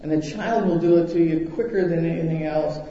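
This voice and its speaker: A man's voice: a little high, fairly quick. A man preaching a sermon, telling stories animatedly and acting out the voices in them. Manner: animated storytelling with acted-out quotes. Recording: echoey hall, dull lo-fi sound.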